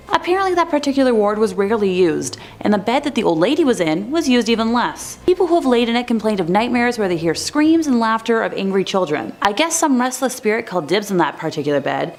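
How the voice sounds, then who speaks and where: A woman narrating scary stories in a chatty, scripted way with wry asides. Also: on the high side.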